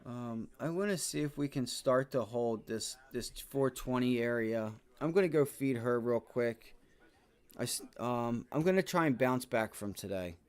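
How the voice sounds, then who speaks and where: A man streaming his live trading, frustrated and swearing heavily, with shouted outbursts and stretches of low muttering to himself. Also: animated, moderate pace, smooth. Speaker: day trading livestreamer.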